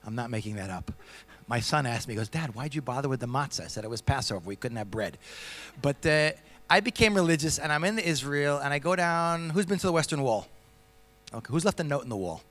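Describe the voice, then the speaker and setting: A middle-aged man, a speaker at a Jewish convention, telling personal stories to a young audience in a lively, joking way, often asking them questions. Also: mid-range voice, brisk. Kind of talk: storytelling talk to a youth audience.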